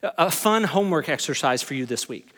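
A man's voice: on the high side, expressive, fast, fairly bright tone, long reverb tail. A man preaching a sermon as a pastor, earnest, with self-mocking asides.

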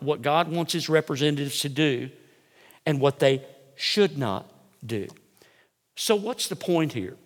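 Emphatic preacher in a reverberant hall. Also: male voice, a little high. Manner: emphatic, slows down to stress key words. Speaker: preacher and teacher. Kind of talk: expository sermon.

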